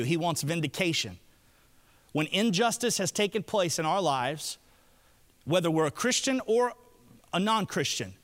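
A high-pitched man preaching a sermon with a very lively, swooping delivery. He acts out the prayers he quotes. The long reverb of a hall hangs around his voice. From Alabama. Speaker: pastor.

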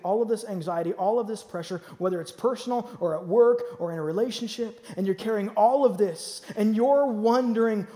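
Male pastor, high voice, dynamic sermon delivery, long reverb of a church hall. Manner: dynamic preaching, swings from loud to hushed. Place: church auditorium.

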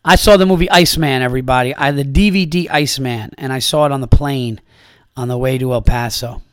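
A man's voice: mid-range voice, fairly quick, smooth, dry recording, studio quality. A man from upstate New York hosting a comedy podcast in casual chat, rambling and profane, with lots of fillers.

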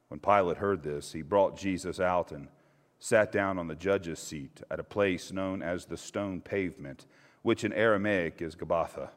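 A man's voice: deep voice, moderate pace. A male pastor giving a conversational sermon and reading scripture. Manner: conversational, hesitant with fillers. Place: church sanctuary. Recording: long church reverb.

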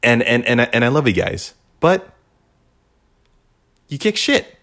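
A man's voice: medium pitch, very animated, measured pace, vocal fry, fairly bright tone. A man hosting a podcast, rambling in a casual, profane, laid-back monologue. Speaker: podcast host.

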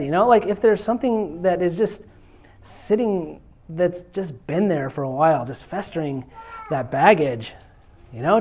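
A woman's voice: mid-range voice, slightly rough. Woman preaching a chatty sermon. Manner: asks the congregation rhetorical questions; repeats key phrases, slowing and softening to stress them. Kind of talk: conversational sermon.

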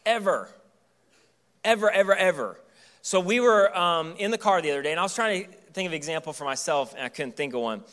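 A man's voice: on the high side, animated, quick pace, few pauses, fairly bright tone, clear, resonant tone. A man in his thirties, a pastor preaching a sermon in church in a casual, joking storytelling way.

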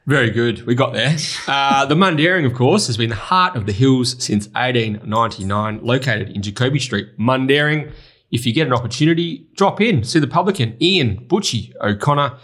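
A man's voice: medium pitch, animated, moderate pace, fairly bright tone. An Australian man hosting a racing podcast, chatting casually and introducing segments. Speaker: podcast host.

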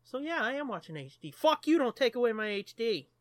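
A man co-hosting a casual movie commentary, playful and jokey, quick to tease his co-host. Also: extremely high pitch, very animated, no echo. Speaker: podcast co-host.

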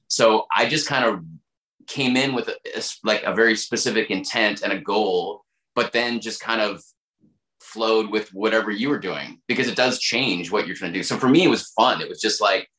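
A man's voice: on the low side, moderate pace, echoey room, poor audio. A man, an actor, chatting in an interview and looking back on working on set. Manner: relaxed, reflective storytelling. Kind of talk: casual interview talk.

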